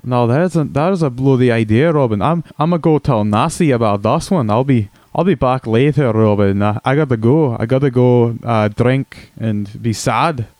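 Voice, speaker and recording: A man's voice: mid-range voice, moderate pace, hardly any pauses, a little mellow, no room sound, natural voice. A man putting on a crude mock Scottish accent to play a blustering, rambling Scotsman calling into a podcast. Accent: Scottish, put on. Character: crude stereotypical Scotsman cousin, gruff. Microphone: phone call.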